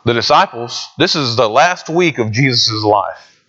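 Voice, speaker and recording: A man's voice: mid-range voice, expressive, measured pace, pushed and bright, dull audio. A man preaching a sermon in a conversational way, often asking his listeners questions. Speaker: pastor.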